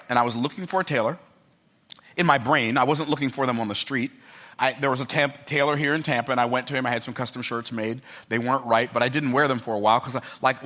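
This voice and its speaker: A man's voice: mid-range voice, sharp tone. An older man giving a motivational speech to a live audience. He tells stories with emphasis and repetition, and often checks in with the crowd. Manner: emphatic, repetitive storytelling with rhetorical check-ins. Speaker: motivational speaker.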